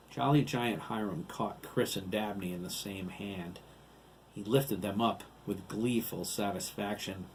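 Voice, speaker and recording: A man narrating his own novel as an audiobook, in steady, deliberate storytelling. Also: on the low side, slight background noise.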